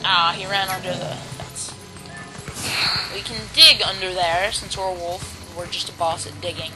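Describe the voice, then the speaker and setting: A woman's voice: fairly low pitch, fairly even intonation, normal speed, low-quality recording. A woman giving casual, jokey commentary while playing a video game. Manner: chatty, jokey, self-mocking. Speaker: let's play commentator. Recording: loud game music behind.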